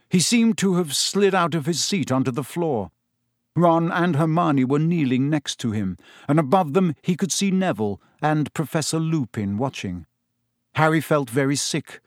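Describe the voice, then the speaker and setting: A man's voice: medium pitch, no room sound, clean studio sound. A man narrating a story aloud with suspenseful, varied pacing. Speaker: audiobook narrator.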